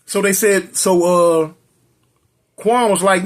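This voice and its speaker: A man's voice: high voice, takes it slowly. A man telling a serial story in a loose, conversational way, adding spoken sound effects.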